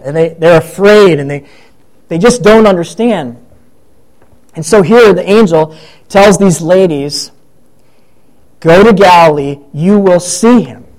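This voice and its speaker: A high-voiced man preaching in a relaxed, conversational way. He retells the story and slips into the voices of the people in it as he goes. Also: low-quality recording. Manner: conversational, acts out quoted voices. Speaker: pastor. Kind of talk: sermon.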